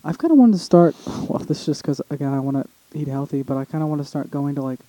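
A man's voice: on the high side, animated, fast, warm tone, no echo, rough recording. A young man co-hosting a podcast in casual chat, rambling and restarting often, swearing casually. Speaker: podcast co-host.

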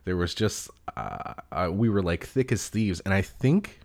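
A young man with a very low, deep voice swaps road stories in a loose, rambling way. He curses freely and breaks into laughter often. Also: animated, measured pace, vocal fry, a little mellow. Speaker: touring band musician. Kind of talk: casual chat.

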